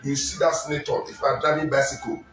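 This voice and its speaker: A man from Nigeria on a political panel, talking in an animated way with many hesitations and asides. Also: on the high side, fast. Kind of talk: political discussion. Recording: echoey room, voice from far off, faint music.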